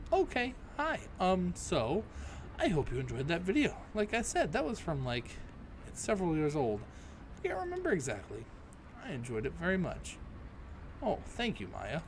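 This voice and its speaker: A man reading a game's dialogue aloud and breaking in with sarcastic, swearing asides as a let's play host. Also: a little high. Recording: clear background noise.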